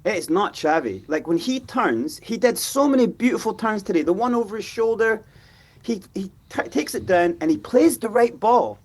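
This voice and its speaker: Animated man with a husky voice. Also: high-pitched, moderate pace. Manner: animated, acts out players' voices. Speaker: fan pundit. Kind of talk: football fan show discussion.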